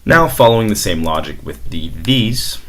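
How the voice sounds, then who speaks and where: Young guy with a really low voice walking through a language lesson, laid back, keyboard clicks behind. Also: sing-song, normal speed, a bit bright. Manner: casual, explanatory, with fillers. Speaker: Spanish teacher. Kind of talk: screen-recorded language lesson.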